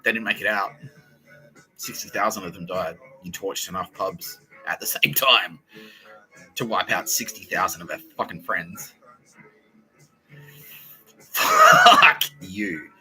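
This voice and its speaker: A man's voice: sits low, moderate pace, pushed and bright, faint music behind, poor audio. An Australian man hosting a podcast in a profane comedic rant, swearing, laughing and putting on mocking voices. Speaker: podcast host.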